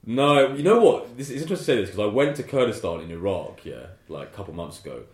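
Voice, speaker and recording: A man's voice: lowish voice, big pitch swings, fast, a little mellow, echoey room. A man telling a story in a laid-back way, swearing often and saying "like" a lot. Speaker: podcast guest telling a travel story. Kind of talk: casual storytelling chat.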